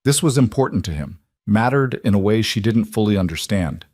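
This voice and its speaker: Low male narrator reading a drama story, dry close sound. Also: lively intonation, fairly quick, darkish tone, no room sound. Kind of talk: scripted romance narration.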